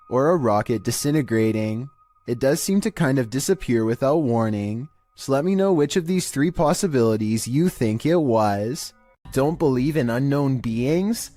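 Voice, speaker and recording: Male narrator, monotone, mid-pitched, scripted horror countdown voice-over. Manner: monotone, even delivery. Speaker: narrator of a scary video countdown.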